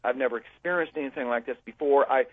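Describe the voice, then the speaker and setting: A mid-range male voice talks fast, with no room sound, as this American guest speaker phones in to tell a host a long story. He keeps restarting and using fillers in a conversational storytelling style.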